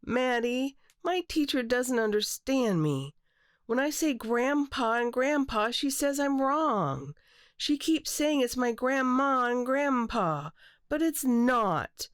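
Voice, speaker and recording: A woman voicing a shy, upset little girl in a storybook read-aloud, with a high, small, tearful child voice. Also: big pitch swings, takes it slowly, dry recording, studio quality.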